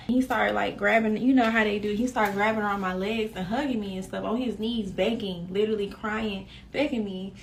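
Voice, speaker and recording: A young woman, telling a personal story in a casual, animated way and talking straight to her viewers. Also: medium pitch, fairly quick, few pauses, far from the mic, a little hiss or hum. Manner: animated, addresses viewers directly.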